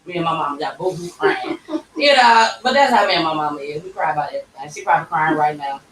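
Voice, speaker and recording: A woman's voice: low voice, lively intonation, fast, a crowd in the background. A young woman, hosting a podcast and telling a personal story with emotion, acting out the quoted voices. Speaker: podcast host. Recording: roomy echo, distant mic.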